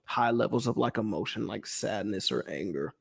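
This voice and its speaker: Animated, gravelly-voiced Southern man. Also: lowish voice, normal speed. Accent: Southern American. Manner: rambling, laughs a lot, acts out scenes. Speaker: podcast co-host. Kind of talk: casual movie review chat.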